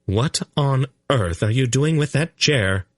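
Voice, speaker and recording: A man voicing a calm, firm older woman who speaks carefully to a flustered young man. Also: mid-range voice, slow, no echo, studio quality, pitched above the performer's own voice. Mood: calmly firm. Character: calm, commanding older woman, a wise aunt. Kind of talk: audiobook character voice.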